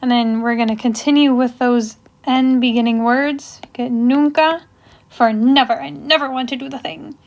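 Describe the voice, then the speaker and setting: A woman's voice: high voice, fairly even intonation, moderate pace. A young woman teaching a casual grammar lesson, explaining step by step with example sentences and frequent ums. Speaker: language teacher. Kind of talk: casual classroom lecture.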